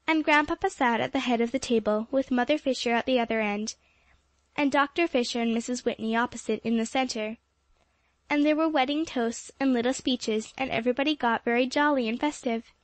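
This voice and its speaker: A woman narrating an audiobook chapter with a steady, even reading manner. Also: a little high, dry recording. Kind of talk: scripted narration.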